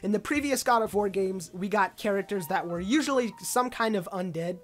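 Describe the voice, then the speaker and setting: A woman breaks down a game trailer in loose, chatty commentary. She sounds keen and a bit scattered, sprinkling fillers through her sentences. Her voice sits at an ordinary middle pitch with soft music faintly underneath. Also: a little fast. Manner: excited, rambling, many "uh" and "like" fillers. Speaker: video game trailer analyst. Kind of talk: casual commentary over a trailer.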